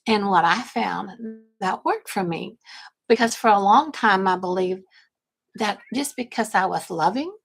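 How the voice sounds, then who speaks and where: On a casual livestream with poor audio, an older Texas woman, a grandmother who works as a business coach, chats to viewers in a rambling way, often correcting herself. Her voice is medium-pitched, gravelly and husky.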